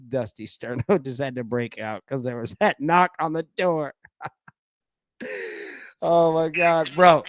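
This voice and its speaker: A man's voice: medium pitch, no echo. A man hosting a live sports betting stream, chatting casually, joking and laughing often. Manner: laughs often, loose and joking, quotes film lines. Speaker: sports betting show host.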